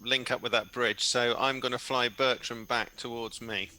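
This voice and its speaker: Bright-voiced man joking as a player. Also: medium pitch, fairly even intonation, moderate pace, low-quality recording. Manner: wry, joking. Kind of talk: casual chat at the gaming table.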